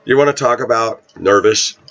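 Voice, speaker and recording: A man telling a story in casual, rambling talk, often clearing his throat and repeating himself. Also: mid-range voice, normal speed, a bit bright, dull audio.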